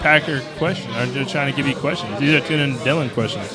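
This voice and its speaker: A man's voice: mid-range voice, fast, rough recording. A man in his twenties hosting a live podcast in a bar, joking and teasing his guests. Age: 20s. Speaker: podcast host. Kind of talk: casual live podcast interview. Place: busy bar. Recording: bar with music playing behind.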